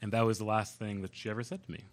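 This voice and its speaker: A man telling a personal story on stage at a live storytelling event, animated and laughing as he goes. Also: lowish voice, very fast. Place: live event venue with audience.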